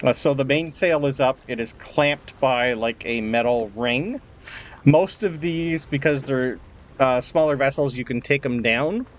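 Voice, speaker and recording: A man running a tabletop game, narrating and explaining rules at a slow, unhurried pace. His pitch sits in the middle, and he talks in a relaxed way with some fillers. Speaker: game master.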